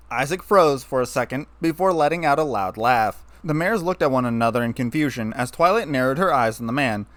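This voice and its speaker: A man narrating a fan fiction story with a steady, even delivery. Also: mid-range voice, a little fast, dry recording.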